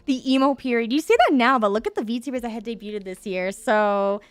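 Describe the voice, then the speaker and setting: A woman hosting a stream in casual chat, bubbly and animated, reacting to her chat in a playful way. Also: a little high, fairly quick, few pauses, smooth, no echo. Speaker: VTuber streamer, host.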